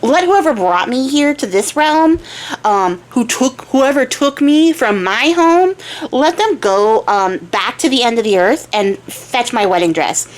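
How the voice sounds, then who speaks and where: A woman's voice: on the high side, expressive, measured pace. Woman playing a stubborn young princess. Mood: firm. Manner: casual, chatty, modern slang.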